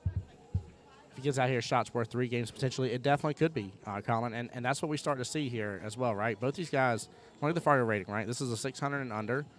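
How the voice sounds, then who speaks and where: Fast-talking male pool commentator. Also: mid-range voice. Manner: chatty, fills with "right?" and "like". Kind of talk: live sports commentary.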